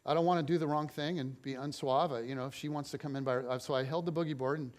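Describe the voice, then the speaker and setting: A man's voice: on the high side, fast talker. A middle-aged man preaching as a pastor, telling a story and acting out the voices in it. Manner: animated storyteller, acts out quotes. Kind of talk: sermon storytelling.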